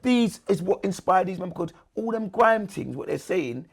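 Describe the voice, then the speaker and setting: A man's voice: high voice, lively intonation, normal speed, gravelly. A man chatting in a casual interview, slangy and repetitive, forever asking "you understand". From England. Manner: slangy street talk, repeats 'you understand'. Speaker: MC, guest.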